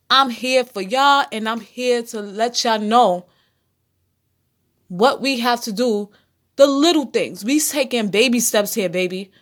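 A woman's voice: a little high, a bit bright. A woman hosting her own casual podcast, talking straight to her listeners in a blunt, preachy, profane manner. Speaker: podcast host. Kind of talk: casual solo podcast monologue.

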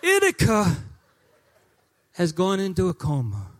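A man's voice: huge pitch swings, unhurried, exaggerated voice. A man preaching, putting on a Spanish accent to play a desperate father pleading for help. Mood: alarmed. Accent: put-on Spanish accent. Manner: pleading, high and loud, drawn out. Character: desperate middle-aged Colombian father pleading. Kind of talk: sermon storytelling.

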